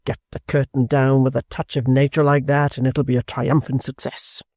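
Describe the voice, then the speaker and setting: A man's voice: medium pitch, flat delivery, a little mellow, no room sound, clean studio sound, natural voice. A man voicing a pompous theatrical actor who drawls his words grandly. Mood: showy. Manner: slow, drawn-out, grandly theatrical.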